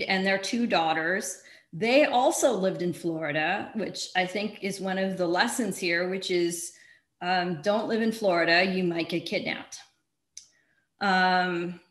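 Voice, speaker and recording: A woman's voice: mid-range voice, a bit bright. A woman author giving a casual library talk, retelling a true-crime case in a chatty way with wry asides and lots of fillers. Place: library event room. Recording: echoey room.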